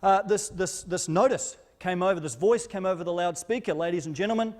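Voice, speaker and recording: A man's voice: high voice, normal speed, darkish tone. A man preaching a sermon as pastor, in a conversational, informal way with frequent repeated words. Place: church auditorium.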